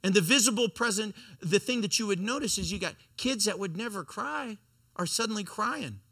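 A man in his forties preaching a sermon to a youth group, animated and storytelling, sometimes acting out the voices of teenagers. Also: sits high, moderate pace. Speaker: pastor.

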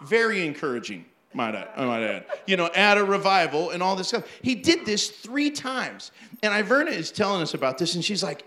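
A man who is a pastor, telling funny church stories in an animated sermon, acting out the people he quotes and laughing often. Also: high-pitched, moderate pace, echoey room. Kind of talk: storytelling sermon.

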